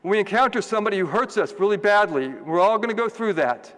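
A man's voice: sits high, animated, fast, a bit bright, long reverb tail. A man, a priest, giving a homily in a conversational, joking way and asking the congregation questions.

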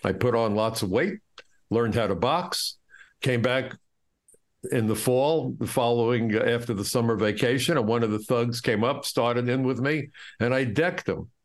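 A man's voice: mid-range voice, normal speed. A middle-aged man from the United States, a guest in an interview, telling stories from his life in an impassioned, indignant way. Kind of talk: storytelling in an interview.

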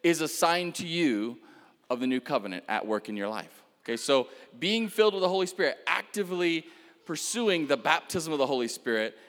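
A man delivers a sermon in a relaxed, storytelling way, full of fillers and small laughs. His pitch swings widely as he talks. The sound carries the long reverb of a big hall. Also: fairly quick. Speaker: preacher. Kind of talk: sermon with personal testimony.

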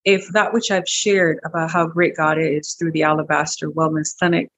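A middle-aged woman guest in an interview, telling a personal story in a lively, animated way, repeating words as she goes. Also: normal speed. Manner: animated, breaks into high quoted voices, repeats words. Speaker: interview guest, wellness clinic owner.

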